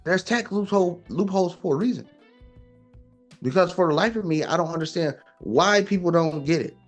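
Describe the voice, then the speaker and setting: A man lectures in a casual, emphatic way, firing off rhetorical questions. His voice sits a bit high for a man. Soft guitar music plays faintly underneath. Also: brisk. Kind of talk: casual opinion talk.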